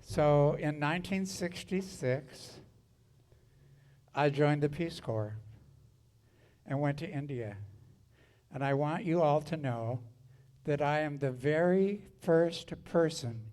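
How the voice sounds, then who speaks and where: A man's voice: on the high side, darkish tone. A man in his seventies telling stories on stage between songs, speaking frankly and wryly with crude jokes. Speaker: singer and storyteller on stage. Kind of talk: spoken storytelling between songs at a live show. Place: live music venue.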